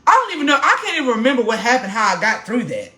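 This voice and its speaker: A woman hosting a podcast, telling a personal testimony in a live stream and preaching straight to her viewers in an animated way. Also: on the high side, rapid-fire, reverberant. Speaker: podcast host.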